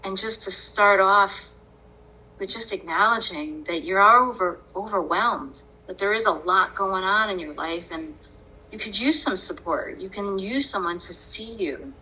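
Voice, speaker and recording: A woman hosts a podcast and tells a personal story at a slow, deliberate pace. Her voice is bright and forceful. She stays earnest throughout and often breaks into laughter. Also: mid-range voice, husky, rough recording. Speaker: podcast host.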